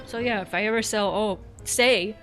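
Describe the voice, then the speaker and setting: This gaming streamer, a Central Florida woman in her thirties, gives casual commentary while she plays, drifting into long stories with some cursing and chuckles at her own expense. She talks at a moderate pace in a medium pitch, with music playing underneath.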